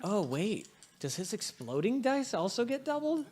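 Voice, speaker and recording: A man runs a tabletop game as its game master, his voice rising and falling all over the place. He talks in a chatty, animated way and narrates bloody fights with obvious glee. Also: high voice, moderate pace, slight background noise.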